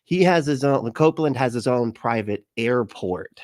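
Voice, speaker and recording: A man's voice: medium pitch, lively intonation, moderate pace, darkish tone, dry recording, clean studio sound. Laughing, rambling male reaction host. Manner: laughing, rambling, mocking asides. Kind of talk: casual reaction commentary.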